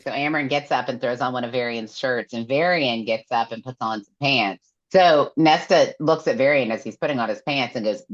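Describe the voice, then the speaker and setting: Very low-voiced woman recapping a book. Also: moderate pace, hardly any pauses. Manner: animated storyteller acting out quotes. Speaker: podcast co-host. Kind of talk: casual book recap chat. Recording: dull lo-fi sound.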